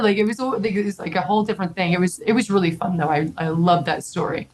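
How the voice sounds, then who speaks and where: A young adult woman on a podcast telling a story in a lively, casual way, full of "like" and swearing. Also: mid-range voice, quick pace, hardly any pauses, poor audio. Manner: animated, heavy filler "like", casual swearing. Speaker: podcast guest.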